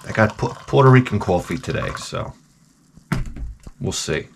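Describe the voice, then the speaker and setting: A man's voice: lowish voice, lively intonation, moderate pace, gravelly, heavy background noise. A man hosting a game channel, ranting comically in a profane, rambling way, full of stammered restarts. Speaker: video game channel host. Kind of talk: comedic rant.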